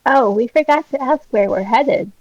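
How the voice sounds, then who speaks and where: A woman's voice: a little high, normal speed, a little mellow, no echo. A woman playing a tabletop game, plainly describing her character's actions, on a dull lo-fi mic. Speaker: player.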